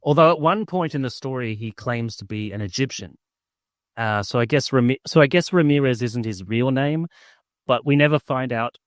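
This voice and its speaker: A man's voice: mid-range voice, no echo, clean studio sound. A man co-hosting a podcast, chatting casually and enthusiastically about a film, with lots of restarts and fillers. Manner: rambling, full of "like" and restarts, enthusiastic. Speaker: podcast co-host. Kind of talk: casual film-review chat.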